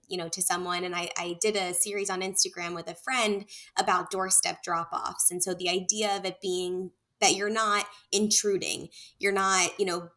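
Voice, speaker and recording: A woman at a middle pitch, speaking as an etiquette expert. Her answers come out poised and gracious, measured and considered as she explains what good manners call for. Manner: poised, warm-toned advice, measured and gracious. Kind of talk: interview answers.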